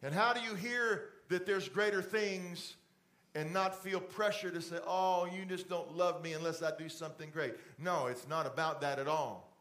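A middle-aged man preaching a conversational sermon in a church, dropping to a soft fatherly voice for asides. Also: on the high side, steady tone, moderate pace. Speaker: pastor. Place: church stage with TV lights.

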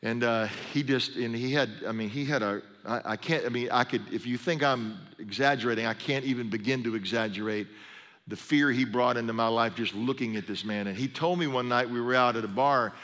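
A middle-aged male pastor preaching, his voice bright and forceful. He tells stories in a loose, conversational way with humorous asides. A long reverb trails each phrase, as in a large hall. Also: mid-range voice, a little fast. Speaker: pastor and sports chaplain. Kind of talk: sermon.

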